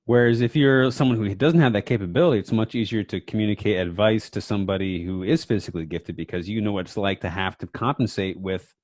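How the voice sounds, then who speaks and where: Low-voiced, lively man in a dry room. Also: fast talker, few pauses, dry recording. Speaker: podcast co-host. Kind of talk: casual chat.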